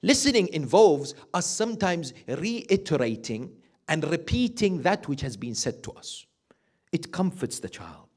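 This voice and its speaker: A man giving a sermon as a sheikh, asking his listeners questions and acting out parents, reciting Arabic verses quickly. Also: a little high, husky. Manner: animated, asks the audience questions and acts out quoted parents. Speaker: sheikh giving a Muharram lecture.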